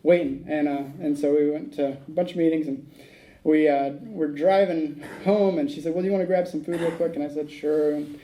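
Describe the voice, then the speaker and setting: A man's voice: a little high, steady tone, brisk, dark tone, slight background noise, rough recording. A man speaking at a recovery meeting, telling a rambling personal story, acting out the dialogue and laughing at his own tale.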